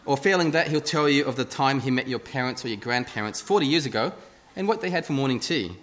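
A man's voice: mid-range voice, lively intonation, fast talker, fairly bright tone. A man giving a casual, self-deprecating sermon into a lectern microphone in a church. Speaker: lay preacher. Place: church hall.

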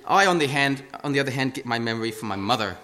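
A man's voice: medium pitch, expressive, fast, pushed and bright. A man giving a casual, self-deprecating sermon into a lectern microphone in a church. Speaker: lay preacher. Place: church hall.

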